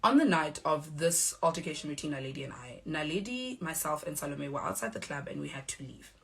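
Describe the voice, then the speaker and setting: Young South African woman, firm and measured, speaking low, recounting events on camera. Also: expressive, creaky. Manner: measured, firm, acts out quoted exchanges. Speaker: reality show cast member. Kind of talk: direct-to-camera statement.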